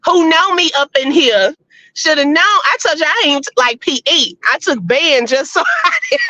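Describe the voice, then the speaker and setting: Bright, lively woman host, laughing often. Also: high voice, normal speed, slight background noise. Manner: chatty, animated, laughs often, addresses listeners as y'all. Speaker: host reading viewer votes and comments. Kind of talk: casual live-stream chat. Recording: slightly muffled lo-fi audio.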